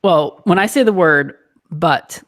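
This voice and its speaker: A podcast host with a higher, slightly bright voice chats casually and reads a sponsor message, teasing playfully and laughing often. He speaks at a measured pace, and the recording is dry with clean studio sound.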